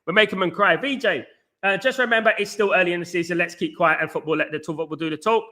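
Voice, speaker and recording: Male stream host, high and bright, rapid animated banter reading chat. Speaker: fan channel host reading live chat. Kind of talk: fast casual live-stream chat.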